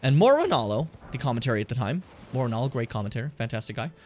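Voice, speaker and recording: Rapid-fire and medium-pitched, a man banters on a casual gaming stream with his co-host, cracking jokes, swearing, and lapsing into silly voices in an animated way.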